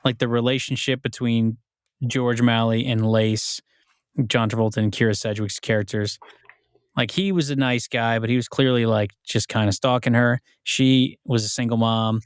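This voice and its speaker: A man co-hosting a casual movie podcast, rambling with lots of fillers and acting out scenes in quick voices. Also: mid-range voice, fairly even intonation, clean tone, dry recording, clean studio sound. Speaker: podcast co-host.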